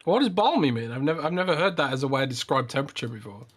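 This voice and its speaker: A man's voice: mid-range voice, animated, rapid-fire. Male co-host, casual chat, playful teasing, easy laugh. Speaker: podcast co-host.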